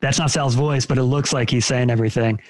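A man's voice: mid-range voice, steady tone, fast talker. A man co-hosting a podcast, upbeat, agreeable and jokey in casual chat. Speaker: podcast co-host.

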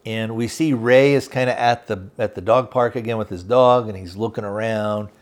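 Male podcast host, slightly low voice, loose and halting plot recap. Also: fairly even intonation. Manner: rambling, halting, many fillers, acts out quotes loosely. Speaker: podcast host reviewing a TV series. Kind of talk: casual recap, plot retelling.

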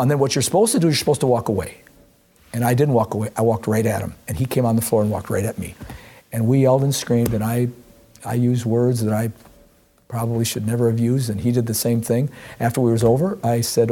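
An older man, a former referee, telling long stories in a casual interview and acting out the quotes with lively restarts. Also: medium pitch. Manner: animated storyteller, frequent restarts, acts out quotes.

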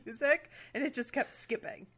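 A woman's voice: high voice, moderate pace, husky. Woman co-host telling a casual story. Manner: relaxed storyteller, laughs mid-sentence. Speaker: podcast co-host. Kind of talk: casual interview chat.

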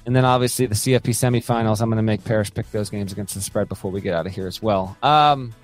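A man co-hosting a casual sports podcast, talking in animated bursts with quick asides and laughter. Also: fairly low pitch, faint music behind. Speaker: podcast co-host.

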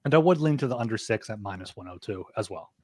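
A man's voice: on the low side, animated, a little mellow, dry recording. Dry-sounding man breaking down a game. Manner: halting, repeats words when starting. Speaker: podcast co-host. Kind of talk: casual sports betting chat.

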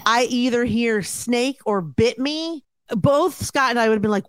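A woman's voice: sits high, a little slow, no echo. A woman co-hosting a podcast in casual chat, joking, swearing and mimicking others. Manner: expressive, swears, jokey impressions. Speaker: podcast co-host.

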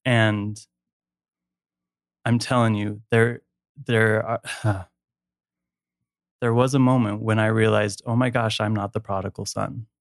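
Gravelly earnest man, dry close sound. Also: on the low side, flat delivery, takes it slowly, long pauses, dry recording. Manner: emotional, candid, laughs easily. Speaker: guest. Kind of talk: earnest personal conversation.

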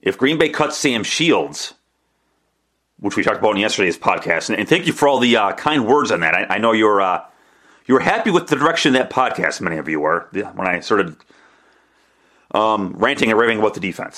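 A man's voice: on the low side, expressive, a little fast, fairly bright tone. A man hosting a solo sports podcast, talking in a chatty, rambling way with restarts and self-deprecating asides. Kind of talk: casual solo podcast commentary.

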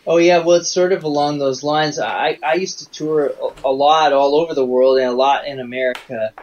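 A man who performs live for children, telling stories in a halting way on a casual interview. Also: on the high side, fairly even intonation, a little mellow. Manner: rambling, halting storyteller with restarts. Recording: dull remote call audio with faint noise.

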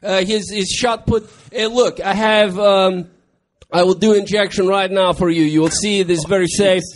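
Comic sketch: a man playing a deadpan mock Russian president with a thick put-on accent, halting broken English, high voice. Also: natural voice. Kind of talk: comedy sketch.

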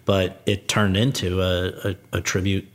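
A man interviewing a guest, speaking in a measured way and thinking aloud with small restarts. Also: low voice, level tone. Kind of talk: conversational interview.

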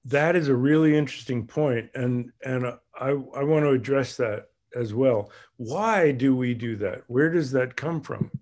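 A man leading a group exercise over a video call, talking in an animated way and acting out little voices with big jumps in pitch. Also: unhurried, hardly any pauses. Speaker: group leader.

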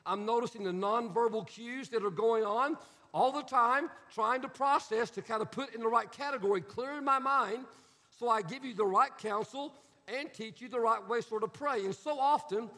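High-voiced sarcastic pastor in a reverberant hall. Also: male voice, moderate pace. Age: middle-aged. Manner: animated, sarcastic, repetitive. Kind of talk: sermon.

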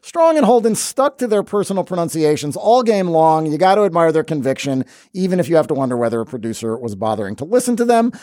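A man's voice: a little high, very animated, fast, hardly any pauses, mellow, no room sound, clean studio sound. A man hosting a sports podcast, talking with playful sarcasm. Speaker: podcast host. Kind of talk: wry sports podcast commentary.

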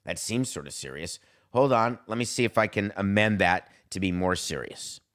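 A man with a somewhat low voice hosts a solo sports podcast into a studio mic. He talks wryly and theatrically, dropping dry asides and then hamming it up. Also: expressive, moderate pace, a bit bright. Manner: wry and theatrical, jumps between dry asides and mock-grand reading. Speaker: podcast host.

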